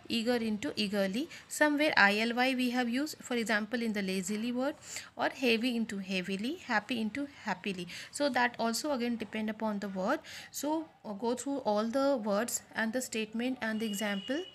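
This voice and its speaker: A woman explaining grammar, asking questions and answering them herself. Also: on the high side. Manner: asks and answers her own questions, repeats key terms. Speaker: English grammar teacher. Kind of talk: explanatory lesson.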